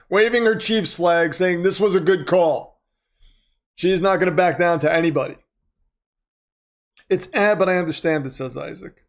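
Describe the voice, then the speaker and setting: Guy hosting a live watch stream, slightly high voice, rambling casual chat, reads the chat out loud. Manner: chatty, reads viewer comments aloud, muses off-topic. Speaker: livestream host reacting to a football game.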